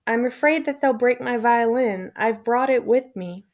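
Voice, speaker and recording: A woman's voice: a little high, normal speed, darkish tone, lightly acted. A woman voicing an exhausted young male violinist in a storybook reading, speaking weakly and short of breath. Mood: weary, afraid. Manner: weak, breathless.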